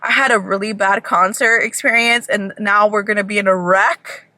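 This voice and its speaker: A young woman from Georgia, chatting casually in a storytime vlog, animated and swearing freely. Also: mid-range voice, moderate pace, dry recording. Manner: animated, swearing, acts out people in bursts. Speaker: vlogger.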